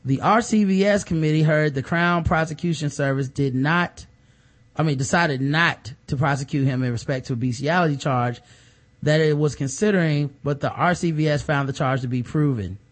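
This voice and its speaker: A man's voice: on the high side, moderate pace. Sarcastic man hosting a podcast. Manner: sarcastic, deadpan joking. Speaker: podcast co-host. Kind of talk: casual comedic news commentary.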